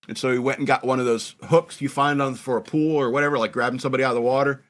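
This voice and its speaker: A man's voice: mid-range voice, level tone, fast talker, few pauses, a bit bright. A man in his forties, hosting a podcast and recalling his youth in a rambling, self-mocking way. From northern New York. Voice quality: rambling, laughing at himself. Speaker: podcast host. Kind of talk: casual reminiscing chat.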